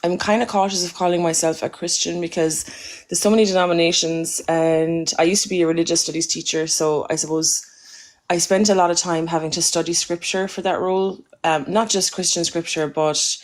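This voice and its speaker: An Irish woman in her forties calls in to a live show and talks casually. Her voice sits low for a woman. She explains things patiently and in a friendly way, now and then apologizing. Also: fairly even intonation, fairly quick. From Ireland. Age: 40s. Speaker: caller, Irish language teacher. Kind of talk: casual chat.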